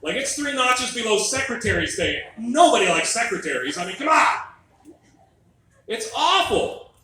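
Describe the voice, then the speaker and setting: A middle-aged man does stand-up on a club stage, his voice bright and fairly high as he spins wry, exasperated stories about family life. The sound is heavily echoey and picked up from some distance, with a faint room hum behind him. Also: very animated, a little slow. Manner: wry, exasperated storytelling with mock quotes. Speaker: stand-up comedian. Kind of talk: stand-up comedy set.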